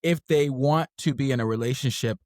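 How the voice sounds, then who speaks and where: A man co-hosting a podcast in casual chat, animated and quick to leap into high-pitched quoted voices. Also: no echo, studio quality. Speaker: podcast co-host.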